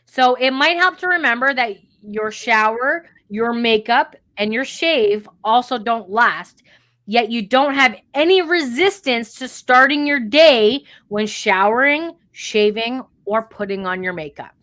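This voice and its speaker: A woman's voice: fairly high pitch, unhurried, fairly bright tone. A woman co-hosting a podcast, talking listeners through a motivational pep talk in a direct, coaching way with casual swearing. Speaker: podcast co-host.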